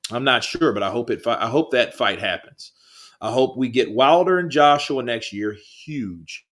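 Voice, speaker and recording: A man's voice: mid-range voice, normal speed, a bit bright. A man hosting a live boxing stream, reading viewer comments and chatting in a rambling, laid-back way with plenty of swearing. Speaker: livestream host.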